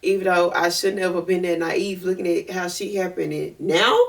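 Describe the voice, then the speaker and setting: A woman podcast host telling a personal story in a chatty, animated way, full of fillers. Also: on the low side, moderate pace, creaky. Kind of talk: casual storytelling. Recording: voice distant from the mic.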